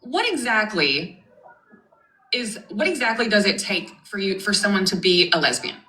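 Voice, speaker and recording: A woman's voice: mid-range voice, sing-song, normal speed, bright, forceful tone, roomy sound, rough recording. A woman hosting a live stream in casual chat, frank and chatty, swearing now and then.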